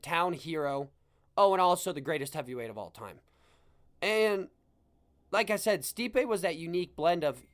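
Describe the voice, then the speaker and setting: A man hosting a podcast, chatting casually about sports in an animated, rambling and joking way. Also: sits high. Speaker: podcast host.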